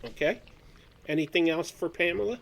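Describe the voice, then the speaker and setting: A man narrating as game master, calmly explaining rules step by step. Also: a little high, normal speed, vocal fry, rough recording.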